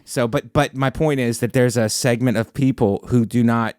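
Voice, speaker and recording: A man's voice: mid-range voice, steady tone, normal speed, darkish tone, clean tone, dry recording, studio quality. A man hosting a podcast, a stand-up comedian who talks in a rambling, self-interrupting, sarcastic way. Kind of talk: casual podcast chat.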